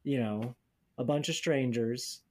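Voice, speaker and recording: A man's voice: medium pitch, a little slow. A young man in casual conversation, telling stories bluntly and sardonically, with lots of profanity and mocking quoted voices. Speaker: podcast co-host. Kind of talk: casual chat.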